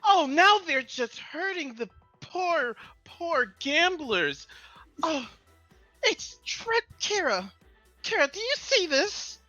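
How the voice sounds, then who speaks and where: A woman voicing a prim, proper young lady who is easily scandalized, in a high, affected and refined manner. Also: very animated, slow pace, sharp tone, no echo, faint music behind, heavily acted. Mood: distressed. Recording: dull lo-fi recording.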